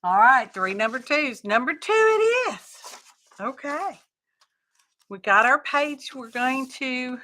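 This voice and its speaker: A woman chats through a craft livestream, thinking out loud as she works. Her voice is bright and clear, and she takes her time, drawling through relaxed, folksy asides. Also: medium pitch. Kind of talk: casual craft livestream chat.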